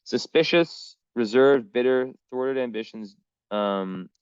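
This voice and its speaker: A man's voice: medium pitch, takes it slowly, clear, resonant tone, no echo. Man, casual astrology reading, rambling with fillers, dry close sound, dull lo-fi mic.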